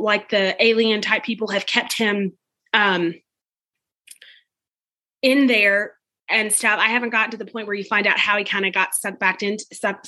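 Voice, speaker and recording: A woman hosting a casual vlog from her living room, gushing and excitable, rambling with many restarts. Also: mid-range voice. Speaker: vlogger host.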